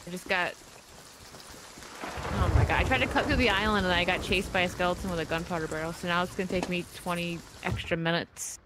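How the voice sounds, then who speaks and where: A woman's voice: on the low side, steady tone, fairly quick. A woman playing along on a gaming stream, chatting casually with frequent laughter. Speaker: co-player on stream. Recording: game rain and sea noise behind.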